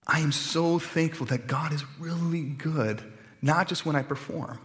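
A man's voice: a little high, a little slow. A man in his thirties preaching a sermon in an earnest, conversational way that swells with feeling. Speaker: pastor. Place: church sanctuary. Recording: long church reverb.

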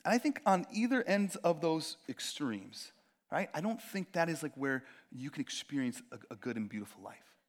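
A man's voice: on the high side, big pitch swings, moderate pace. A young man preaching a sermon in a casual, conversational way, full of fillers and acted-out quotes. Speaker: pastor.

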